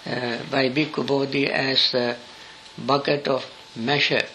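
An older man, a monk teaching a scripture study class with slow, halting explanations and spelled-out words. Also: medium pitch, flat delivery, bright, forceful tone, slight background noise, rough recording.

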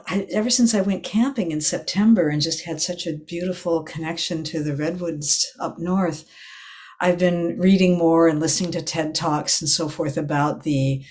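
Older woman, meditation teacher, unhurried reflective dharma talk, often restarts her sentences. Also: low voice, darkish tone. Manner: meandering storytelling, restarts and self-corrections.

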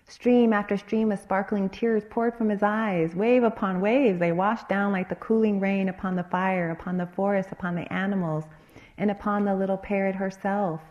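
A woman meditation teacher telling a dharma story in an expressive, rhythmic way. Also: medium pitch, normal speed, muffled recording.

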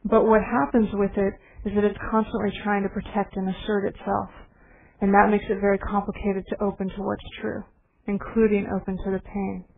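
A woman meditation teacher gives a dharma talk in a gentle, reflective storytelling manner. Her mid-pitched voice comes through a narrow, phone-like band, with faint hiss behind it. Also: little pitch movement, a little fast, creaky. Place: meditation hall.

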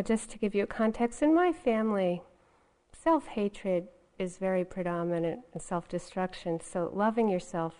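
Mellow-voiced woman giving a meditation talk. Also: lowish voice, clear, resonant tone, low-quality recording. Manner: conversational, frequent "you know" asides. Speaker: meditation teacher. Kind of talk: dharma talk.

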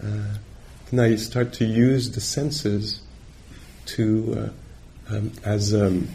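A male meditation teacher giving a dharma talk on retreat, gentle and reflective, pausing often as he searches for words. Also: on the low side, little pitch movement, creaky. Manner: halting, searching for words with many pauses.

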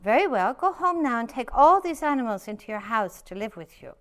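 A woman reading aloud as a wise elderly rabbi, serene and gentle, giving grave advice. The voice is smooth and resonant, close to her own. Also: a little high, very animated, a little fast.

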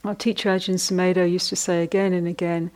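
Low-voiced woman giving a meditation talk. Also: flat delivery, a little mellow. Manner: conversational, laughs at her own jokes; reflective, with frequent restarts and pauses. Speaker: meditation teacher. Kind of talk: dharma talk at a retreat.

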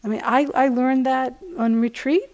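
A woman meditation teacher giving a gentle, conversational dharma talk at a retreat center, often saying "you know.". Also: sits high, fairly even intonation, moderate pace, highs cut off.

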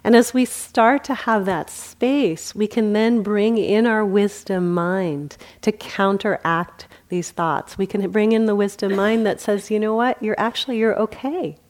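A woman giving a dharma talk as a meditation teacher, speaking gently with light humor and frequent laughter. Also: medium pitch, a little slow, hardly any pauses. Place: meditation center.

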